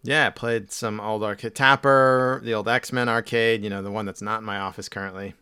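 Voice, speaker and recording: Here a man co-hosting a podcast chats casually, wandering through a story with frequent fillers and restarts. His low-leaning voice is bright and forceful, with fairly even intonation and normal speed, and the clean tone has no echo in a clean studio recording.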